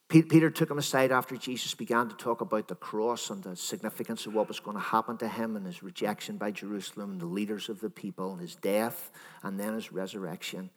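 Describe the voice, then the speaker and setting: A minister giving a sermon in a conversational, storytelling manner, voicing imagined dialogue. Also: male voice, on the low side, long reverb tail.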